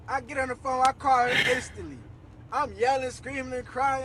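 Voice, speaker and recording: A man's voice: extremely high pitch, fairly quick, heavy background noise. A young man telling a story to camera in a casual, slangy way, acting out what people said. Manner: animated, slangy, acts out quoted voices.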